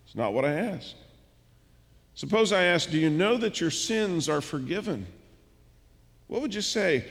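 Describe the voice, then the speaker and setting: A man's voice: a little high, expressive, normal speed, vocal fry, long pauses. A male pastor preaching a sermon, telling a story and acting out its dialogue. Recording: church hall with long reverb.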